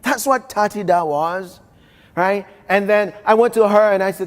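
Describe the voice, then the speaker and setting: A middle-aged Haitian man with a Haitian accent gives a motivational keynote at normal speed, his voice sitting high. He tells stories, repeats phrases for emphasis and addresses the audience directly, recorded live in a reverberant hall.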